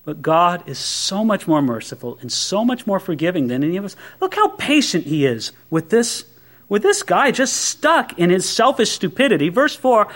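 A man preaching a sermon as a pastor, conversational and animated, with many rhetorical questions. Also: high voice, normal speed.

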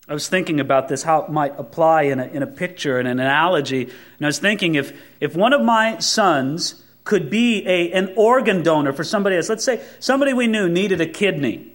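A male preacher with a high voice that leaps and swoops through a very wide range. He preaches with heavy emphasis, pulling back to hushed asides before pressing hard on the words that matter. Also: lively intonation, moderate pace. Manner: emphatic, swinging between loud stresses and soft asides; acts out quoted voices. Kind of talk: sermon.

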